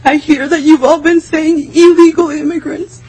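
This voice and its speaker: Very high-voiced woman, tearful and pleading, testifying at a hearing. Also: fairly even intonation, normal speed, darkish tone, poor audio. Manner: impassioned, pleading. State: tearful, voice breaking. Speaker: public testifier.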